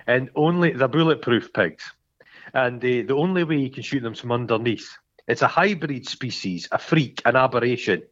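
A man co-hosting a film podcast, retelling scenes in a rambling, sweary, animated way. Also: mid-range voice, moderate pace, dull audio. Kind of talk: casual chat.

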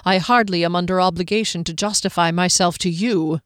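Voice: mid-range voice, fairly even intonation, a little fast, a bit bright, clean tone, no echo, clean studio sound, lightly acted. A narrator voicing a proud, guarded army major who speaks formally and courteously. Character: stern proud human army major, middle-aged.

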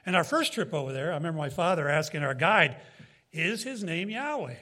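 A man's voice: on the high side, expressive, a little fast, sharp tone. A man preaching a Bible teaching in sermon style, emphatic, with rising and falling delivery and asides to his listeners.

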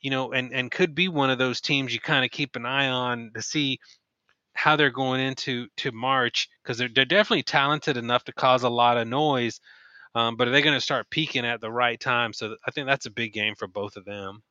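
A man's voice: medium pitch, fairly even intonation, moderate pace, pushed and bright, smooth, no echo, muffled recording. A man co-hosting a sports podcast, talking in a hedging way with frequent restarts. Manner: hedging, restarts often, many fillers. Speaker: podcast co-host. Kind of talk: casual sports chat.

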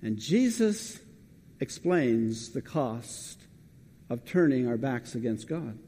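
A man's voice: medium pitch, big pitch swings, slow pace, mellow, in a large hall, slight background noise. A man preaching a sermon, talking conversationally and putting questions straight to the congregation.

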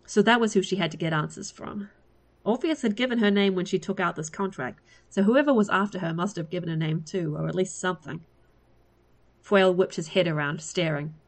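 A woman reading a fantasy story aloud in a lively way. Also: fairly low pitch, fairly quick. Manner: lively, laughs at the story between passages. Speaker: story reader.

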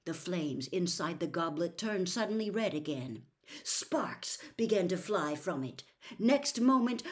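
A woman reading a novel aloud as a storyteller, narrating in a steady, expressive way. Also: medium pitch.

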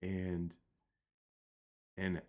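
Deep-voiced man telling a story. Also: very slow. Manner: relaxed, anecdotal, with um fillers and restarts. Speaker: guest teacher. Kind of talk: storytelling in conversation.

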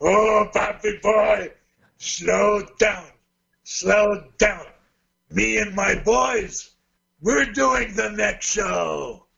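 A man's voice: high voice, drawn-out words, vocal fry, pushed and bright, dull audio, full character voice. A man voicing a venue owner with a heavy accent, brushing off worries in a reassuring, dismissive way. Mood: soothing.

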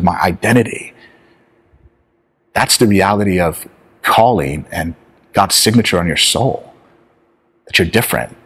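A man preaching a sermon, emphatic, slowing down to stress key phrases. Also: fairly low pitch, slightly rough. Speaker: pastor.

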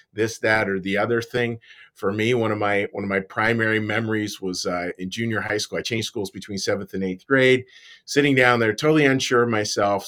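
A man with a lowish voice delivers an informal devotional talk to viewers. He speaks earnestly and conversationally, often doubling up his words as he works through a thought. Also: a bit bright. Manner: earnest, repeats words, self-deprecating asides. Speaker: minister giving a devotional talk.

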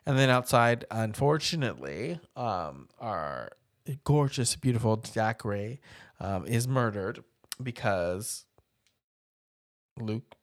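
A man's voice: fairly low pitch, lively intonation, slow pace, dry recording, studio quality. A man co-hosting a podcast, chatting casually through a movie recap in a laid-back, rambling way with casual swearing. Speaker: podcast co-host.

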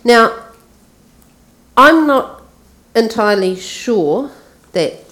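Slow-speaking woman giving a sermon. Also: a little high. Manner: relaxed, conversational with fillers. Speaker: preacher. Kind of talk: sermon with story reading.

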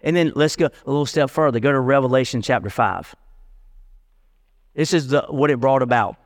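A man preaching a sermon as pastor, lively and casual, mixing slang and jokes into his teaching. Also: medium pitch, a little fast, big-room sound.

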